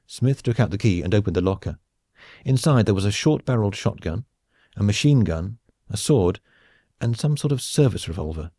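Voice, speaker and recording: A man narrating a comic science-fiction audiobook in a measured, wry storytelling manner. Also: lowish voice, animated, dark tone, husky, no room sound, clean studio sound. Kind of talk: scripted narration.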